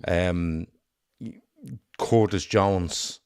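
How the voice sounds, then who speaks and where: Male podcast host, lower register, loose jokey delivery with plenty of laughs and swearing. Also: steady tone, drawn-out words, a little mellow, smooth. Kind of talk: casual football podcast chat.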